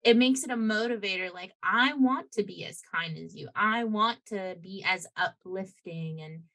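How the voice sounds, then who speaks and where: A woman's voice: medium pitch, moderate pace, sharp tone. A woman podcast co-host chatting casually and earnestly, circling her points with many fillers. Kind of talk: casual conversational chat.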